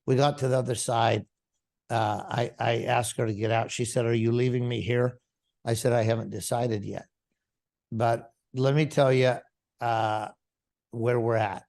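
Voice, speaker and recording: Gravelly pastor telling his testimony. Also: medium pitch, steady tone, measured pace, long pauses, a little mellow. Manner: storytelling, acting out quoted dialogue. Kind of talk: testimony told to a congregation.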